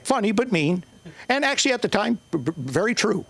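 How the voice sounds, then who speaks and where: Older male comic, gravelly voice, swings his pitch wildly, rambling and profane. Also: very animated, fairly quick. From Northern Ireland. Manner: profane, rambling, shouting bursts. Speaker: stand-up comedian. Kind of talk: open mic stand-up.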